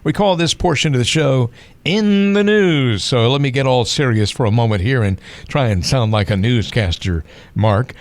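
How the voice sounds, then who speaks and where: A man hosting a radio show, upbeat, reading phone numbers slowly and repeating them. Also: mid-range voice, animated, no room sound. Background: music bed.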